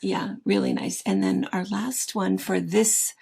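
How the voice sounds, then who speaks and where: A middle-aged woman talks in a loose, rambling way, circling back and restarting as she tells a story. Her voice is heavily gravelly with a husky edge, and she co-hosts a relaxed chat. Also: medium pitch, unhurried. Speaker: co-host of a quilting shop chat show. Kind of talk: casual chat.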